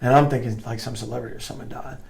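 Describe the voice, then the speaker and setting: A middle-aged man spins his old army stories for an interviewer in an animated, casual way, swearing freely and acting out other people's lines. He talks fast, with a gravelly edge to his voice. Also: medium pitch. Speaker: guest, former Green Beret.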